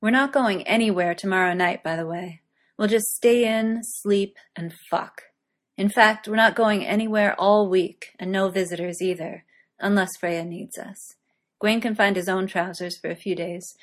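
A woman voicing an earnest young man in an audiobook reading, a little smug yet anxious, speaking in a low, steady way. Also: a little slow, natural voice. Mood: cheerful.

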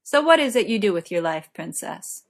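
A woman's voice: medium pitch, sing-song, normal speed, creaky. Woman doing a cocky, teasing young man. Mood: mocking. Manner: teasing, boastful.

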